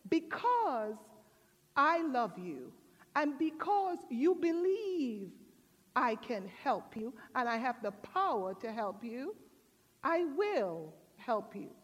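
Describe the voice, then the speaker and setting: A woman voicing the voice of God from heaven, asking slow, deliberate questions in a sermon. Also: sits high, big pitch swings, slightly rough, full character voice. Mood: solemn. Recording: long church reverb.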